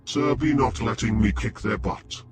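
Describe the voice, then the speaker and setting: A man's voice reading out viewer messages in a flat delivery. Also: on the low side, measured pace, creaky, music in the background. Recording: loud crowd noise behind.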